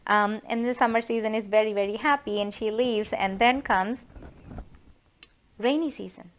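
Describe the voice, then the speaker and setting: A woman's voice: on the high side, steady tone, normal speed. A woman casually retelling a folk tale in a loose, chatty way with many fillers. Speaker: storyteller.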